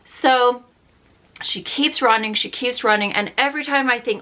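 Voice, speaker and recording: Bright, chatty young woman vlogger. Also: a little high, moderate pace. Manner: chatty, exasperated, animated storytelling. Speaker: beauty vlogger. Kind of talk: casual storytelling while doing makeup.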